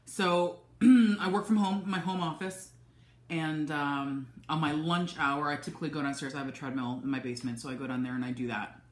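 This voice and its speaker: A woman's voice: sits low, fairly even intonation, moderate pace. A woman chatting casually in a food vlog from her home office, talking in a loose, chatty way with many ums and restarts. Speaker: vlogger. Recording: echoey room.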